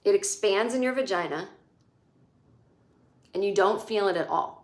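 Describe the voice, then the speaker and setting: A woman comedian in her forties giving a casual, sarcastic TV recap, swearing and acting out quotes in shrill voices. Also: moderate pace. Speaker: comedian podcast host. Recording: echoey room.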